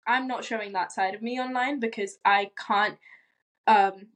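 A young woman with a British accent, a podcast guest who talks in an animated, reassuring way and laughs easily. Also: medium pitch, normal speed. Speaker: guest, content creator. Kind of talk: casual podcast conversation.

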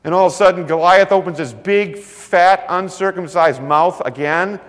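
A man preaching a sermon, telling stories with lively delivery and acting out the voices of the people in them. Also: sits high, moderate pace. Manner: animated storytelling, acts out voices. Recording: long hall reverb.

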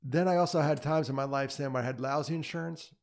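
Middle-aged male guest, gravelly, candid, self-deprecating advocate. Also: on the high side, fast talker. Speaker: mental health advocate and speaker. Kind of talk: casual interview conversation.

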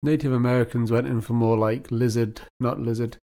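A man's voice: mid-range voice, steady tone, brisk, warm tone. A man co-hosting a podcast, joking and telling playful stories in casual chat. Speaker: podcast co-host.

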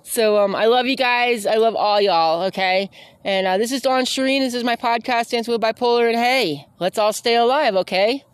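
A woman's voice: on the high side, moderate pace, clean tone, no room sound. A woman hosting her own podcast, talking casually while out on a walk, rambling with many fillers and self-corrections. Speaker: podcast host. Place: outdoors on a walk.

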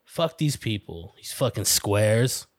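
A man's voice: lowish voice, sing-song, takes it slowly, no room sound. Profane, rambling man hosting a podcast. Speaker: podcast host. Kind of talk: casual podcast chat.

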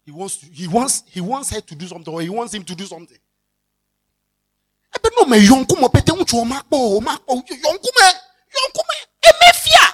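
The sermon comes from a Ghanaian-accented pastor with a husky, mid-range voice and a brisk pace. Animated throughout, he mixes English and Twi, enacts common scenes, and occasionally shouts for effect.

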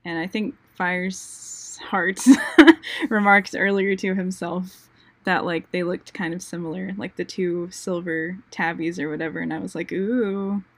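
A woman's voice: lowish voice, little pitch movement, a little slow, dry recording. Giggly woman chatting about books. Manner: giggly, joking. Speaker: book podcast co-host. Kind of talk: casual chat.

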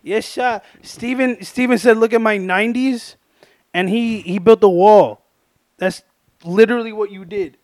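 A man's voice: high-pitched, steady tone, measured pace, darkish tone, dry recording, clean studio sound. A young man hosting a casual podcast, joking, swearing and laughing a lot. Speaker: podcast host. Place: garage bedroom. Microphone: studio mic.

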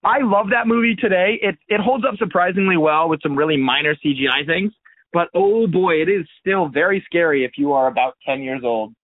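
A man with a high voice chats as a podcast guest, relaxed and wry as he tells his stories. He comes through a dry, thin line that sounds like a phone call. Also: a little fast, dry recording. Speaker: guest, teacher. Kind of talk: casual chat.

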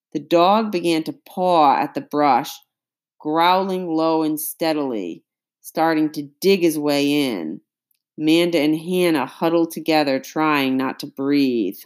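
Low-voiced woman narrating slowly. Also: darkish tone. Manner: measured, suspenseful storytelling. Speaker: audiobook narrator. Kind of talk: audiobook narration.

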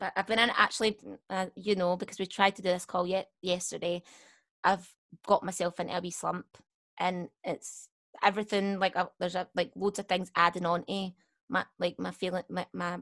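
A woman's voice: mid-range voice, fairly bright tone. A young Scottish woman chatting candidly as a podcast guest, rambling and correcting herself as she goes. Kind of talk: casual chat.

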